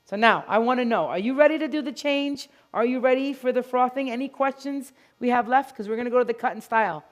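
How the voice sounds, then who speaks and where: A woman giving an animated, playful live product demonstration to an audience at a store grand opening event. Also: on the high side, quick pace. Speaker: product educator.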